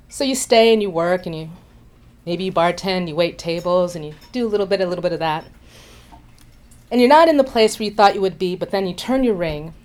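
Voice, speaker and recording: A woman telling a personal travel story in an animated way, acting out voices and laughing along. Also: mid-range voice. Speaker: storyteller sharing a travel memory.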